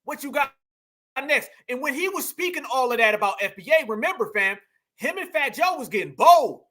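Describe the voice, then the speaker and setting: A man hosting a livestream, delivering animated, profane ranting commentary straight to his audience. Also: very high-pitched, fairly quick. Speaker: livestream host.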